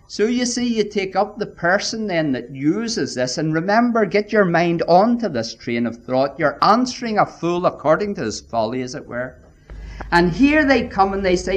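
A man preaching a sermon, emphatic and deliberate, often addressing his listeners as friends. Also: high voice, big pitch swings.

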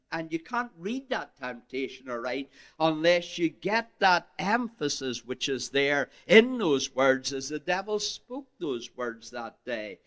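A male preacher delivering a sermon with a lively, swooping voice that sits a little high for a man. He leans hard on key words, rising and falling with emphasis, and he calls out to his listeners as "my friends.". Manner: archaic King James phrasing.

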